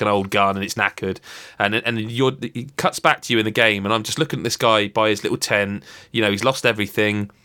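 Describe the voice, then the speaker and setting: A man's voice: on the low side, bright, forceful tone. A man in casual chat, rambling through a story with restarts and acted-out quotes. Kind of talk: casual chat about a video game.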